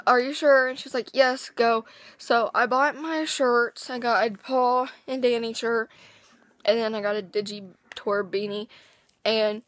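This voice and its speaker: A teenage girl with a hoarse, worn-out voice, excitedly telling a rambling story in a casual vlog. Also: on the high side, no echo. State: hoarse, lost voice. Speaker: vlogger.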